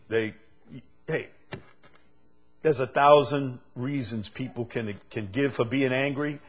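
Slow, emphatic male preacher. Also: medium pitch. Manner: repeated rhetorical questions, building to emphatic peaks. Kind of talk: sermon.

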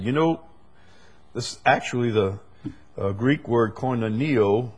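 Male preacher, husky voice, emphatic delivery that swells and drops. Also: medium pitch, measured pace. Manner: emphatic, swings between loud peaks and quiet asides. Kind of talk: sermon.

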